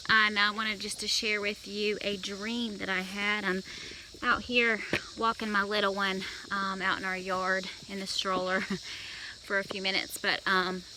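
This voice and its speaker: A woman's voice: medium pitch, noisy background. A young woman chatting casually while walking outdoors with a stroller, a little out of breath, with many fillers and restarts. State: slightly out of breath. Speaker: vlogger. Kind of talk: casual vlog storytelling. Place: outdoors in a yard. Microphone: phone camera held while walking.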